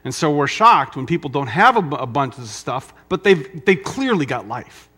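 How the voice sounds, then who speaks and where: A middle-aged man preaching a sermon, emphatic, with dramatic pauses and repetition. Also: a little high, very animated, bright, forceful tone, husky. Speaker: pastor.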